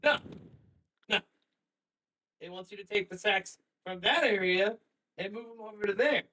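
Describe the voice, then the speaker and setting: A man's voice: sits high, normal speed, pushed and bright, rough recording. A man on a voice call, telling an exasperated story with plenty of swearing. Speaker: guest on voice call. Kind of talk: casual chat, venting.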